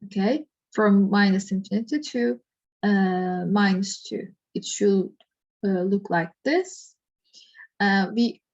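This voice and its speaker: A woman teaching a math lesson, working through an example step by step and thinking aloud with frequent pauses and fillers. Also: mid-range voice, creaky, darkish tone, muffled recording. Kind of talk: slow worked-example lesson.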